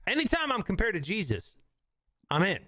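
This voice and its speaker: A man with a Southern drawl hosting a comedy podcast, his voice pitched high and swinging all over the place. He keeps breaking into goofy bits and silly put-on voices as he chats. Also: huge pitch swings, moderate pace, sharp tone, no room sound. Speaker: podcast host. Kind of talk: comedic casual chat.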